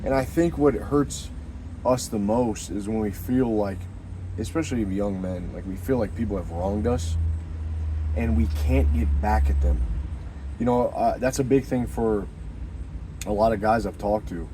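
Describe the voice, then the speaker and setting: A man's voice: lowish voice, a little slow, background noise. A young man giving rambling, earnest life advice in a casual motivational monologue, often restarting his sentences.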